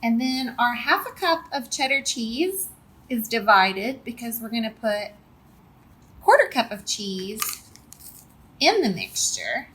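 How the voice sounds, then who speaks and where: A woman running a kids' cooking lesson and reading a children's story aloud with an expressive storyteller's delivery. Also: fairly high pitch, takes it slowly, pauses often, a little hiss or hum. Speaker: cooking and reading teacher for kids.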